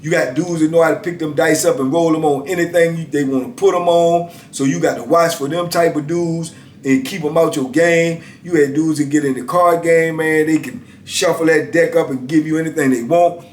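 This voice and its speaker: A middle-aged man spins a casual story in a laid-back, easygoing way and keeps dropping in "man". His voice sits slightly high for a man. The room around him has a roomy echo. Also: steady tone, brisk, slight background noise. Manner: laid-back, lots of "man" and "you know what I'm saying". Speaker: storyteller, former prisoner.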